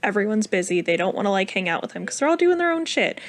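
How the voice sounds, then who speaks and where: A woman co-hosting a casual podcast, retelling a cartoon episode with lively put-on voices and frequent laughs. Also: mid-range voice, fast. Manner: animated retelling, acts out characters, laughs often. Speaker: podcast co-host.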